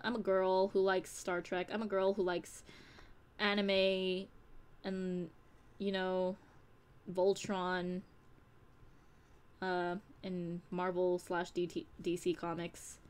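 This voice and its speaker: A woman's voice: mid-range voice, steady tone, takes it slowly. Candid young woman chatting on stream. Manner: candid, rambling, swears casually. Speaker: streamer and audio creator. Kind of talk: casual live-stream chat.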